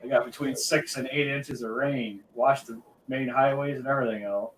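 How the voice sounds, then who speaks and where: A man's voice: medium pitch, steady tone, normal speed, a bit bright. A man chatting on a live panel, wry and matter-of-fact. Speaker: panel guest. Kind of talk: casual chat on a live stream. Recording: distant mic with faint background noise.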